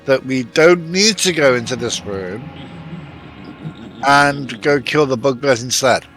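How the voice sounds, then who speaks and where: Slow, hesitant male player. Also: mid-range voice, fairly bright tone, faint music behind. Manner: hesitant, full of restarts. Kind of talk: tabletop game play.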